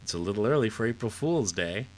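A man's voice: fairly low pitch, animated, quick pace, pitched above the performer's own voice, lightly acted. A man voicing a polite, eager teenage superhero boy from a comic book.

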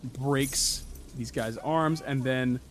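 A man's voice: medium pitch, extremely slow, slight background noise. Rambling young man recapping a film. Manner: rambling and animated, with frequent fillers and laughter. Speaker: podcast host. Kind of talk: casual movie recap.

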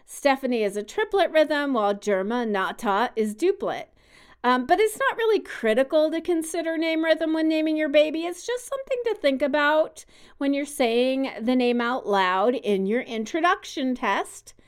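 Her voice sits high, with lively intonation and a normal speed. This podcast co-host chats casually, walking listeners through ideas with a music teacher's patience and voicing each example aloud.

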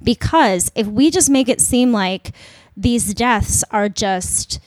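A woman co-host speaks with an earnest, emphatic drive, pressing each point home in a podcast discussion. Her voice sits fairly high and sounds close and dry, with no room around it. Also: slow pace, no room sound.

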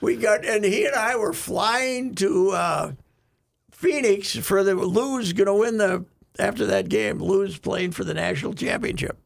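An older man, a regular on a sports talk show, telling rambling stories in casual chat and breaking into chuckles. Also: a little slow. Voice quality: gravelly, husky. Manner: rambling storyteller, chuckling, bursts into high laughs.

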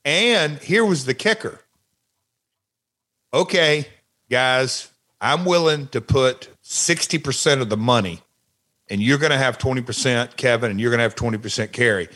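A man co-hosting a podcast, telling rambling, animated family anecdotes and quoting people along the way. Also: mid-range voice, moderate pace. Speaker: podcast co-host. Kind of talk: casual podcast storytelling.

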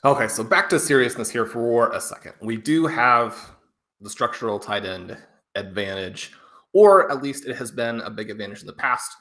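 A man co-hosting a podcast, talking in a measured, analytical way. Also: medium pitch, expressive, bright, forceful tone. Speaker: podcast co-host. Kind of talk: casual podcast chat.

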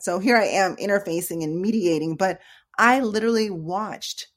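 A middle-aged woman nurse telling a story in a casual, chatty way, animated and acting out the voices of the people in it. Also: medium pitch, normal speed. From United States. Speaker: nurse educator.

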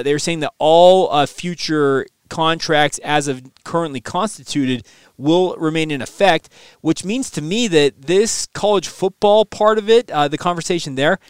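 Smooth-voiced, measured podcast man. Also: a little high, no room sound. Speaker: podcast co-host. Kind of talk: casual sports podcast chat.

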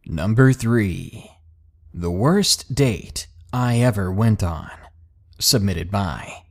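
Male storyteller with lively pitch. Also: very slow. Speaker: podcast host and narrator. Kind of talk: scripted narration of listener stories. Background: faint background music.

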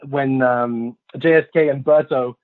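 A man's voice: medium pitch, fairly even intonation, measured pace, no echo. A man from England with a West London received pronunciation accent, chatting playfully as a podcast guest and poking fun at himself. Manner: playful, self-mocking rambling. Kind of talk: casual podcast chat. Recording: tinny phone-like line.

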